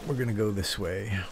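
A gameplay streamer, a man with a medium-pitched voice, chats casually and self-deprecatingly about his own play, talking to himself as he goes. It's relaxed let's-play commentary recorded against a noisy background.

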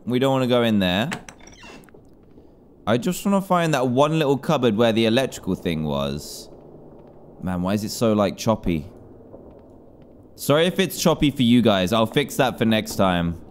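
A young man commentating a horror game as he plays, jumpy and quick to panic at the scares. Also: mid-range voice, slight background noise. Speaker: gaming YouTuber.

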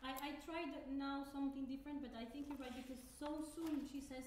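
A young woman from Colombia, a native Spanish speaker, answers her teacher in a few soft, agreeable words. She sits back from the mic in a very echoey hall. Her pitch is high. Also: fairly even intonation, a little fast, far from the mic, background noise. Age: young adult. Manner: soft-spoken, agreeable short replies. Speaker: soprano student. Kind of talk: masterclass answers between singing.

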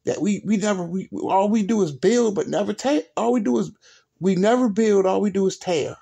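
A man's voice: high voice, normal speed, gravelly, mellow, breathy edge. A man hosting a sports vlog, ranting in an exasperated, repetitive, profane way with speech. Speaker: sports video host.

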